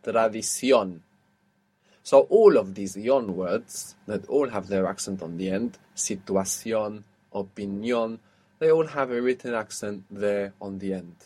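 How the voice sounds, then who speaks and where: A man's voice: fairly low pitch, animated, normal speed, few pauses, mellow, husky. A man teaching a language lesson, patiently asking questions and explaining rules step by step.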